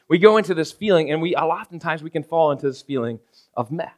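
A man's voice: high-pitched, fast. A man preaching a conversational sermon as a pastor, often checking in with "right?" and acting out everyday scenes. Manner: casual, keeps asking "right?" of the congregation; acts out everyday scenes in quoted voices.

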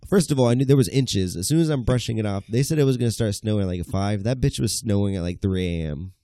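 A young man telling a profane, animated story in casual podcast chat. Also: on the low side, quick pace, no room sound, clean studio sound. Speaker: podcast co-host.

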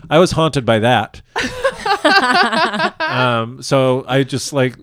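A man's voice: mid-range voice, huge pitch swings, drawn-out words, a bit bright, dry recording. Man rambling through a story, dry sound. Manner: rambling, self-deprecating, laughs often. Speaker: guest telling his proposal story. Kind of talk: casual storytelling interview. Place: lives in a large US city.

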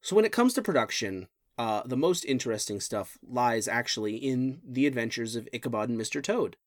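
A podcast co-host chatting casually about film history, animated and jokey, with big jumps in pitch when excited. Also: fairly quick, no echo, clean studio sound.

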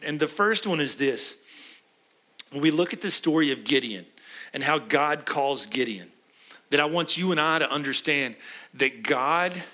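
Pastor, male, middle-aged, bright voice, chatty sermon delivery that questions the room. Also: fairly high pitch. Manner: conversational, asks the congregation questions.

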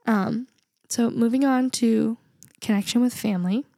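A woman's voice: on the high side, measured pace, gravelly, dark tone, dry recording, studio quality. A young adult woman co-hosting a podcast, talking in an earnest, reflective way and laughing often. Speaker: podcast co-host. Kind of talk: casual podcast chat.

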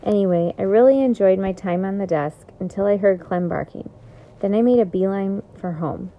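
A woman's voice: mid-range voice, moderate pace, lo-fi sound. A woman reading a children's chapter book aloud, telling the story expressively in the first person. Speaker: reader.

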